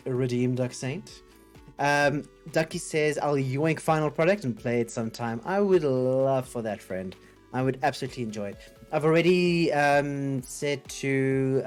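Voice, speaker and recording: A man's voice: mid-range voice, a little mellow. A man hosting a casual coding livestream, thinking aloud and chatting with viewers in a rambling, upbeat way. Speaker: livestream host.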